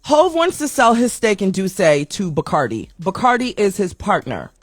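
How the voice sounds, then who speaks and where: A woman's voice: mid-range voice, big pitch swings, moderate pace, no room sound, clean studio sound, soft background music. Chatty, slangy woman podcast host. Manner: chatty, slangy, self-mocking, stumbles over words. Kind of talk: casual celebrity news commentary.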